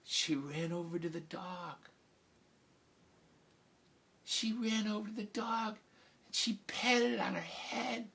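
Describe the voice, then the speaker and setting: High, bright-voiced male storyteller. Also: takes it slowly, vocal fry, long pauses. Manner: animated, swings between loud cheering and hushed asides. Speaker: children's storyteller. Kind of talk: live storytelling.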